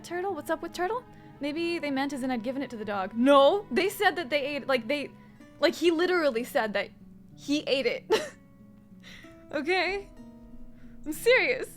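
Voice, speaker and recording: High-voiced young woman, rambling stream chat. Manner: rambling and profane, chatting with viewers. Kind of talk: casual chat while doing makeup on stream.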